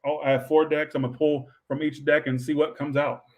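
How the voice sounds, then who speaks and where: A man's voice: on the high side, flat delivery, brisk, lo-fi sound, slight background noise. A man giving a casual livestream tarot reading. He rambles and swears offhand, says he is tired, and keeps adding "all right". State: tired, low on energy. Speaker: tarot reader.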